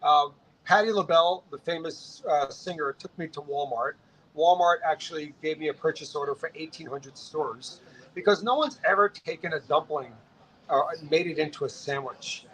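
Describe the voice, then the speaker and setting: A man in his late thirties, a restaurant entrepreneur telling his story in an interview, energetic and quick, often repeating words as he restarts. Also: on the high side, rough recording. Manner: fast, energetic, frequent restarts and stammered repeats.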